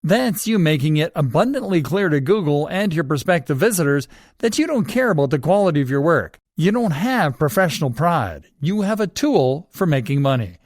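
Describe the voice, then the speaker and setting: Lively, instructive male course narrator. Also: a little high, no room sound, clean studio sound.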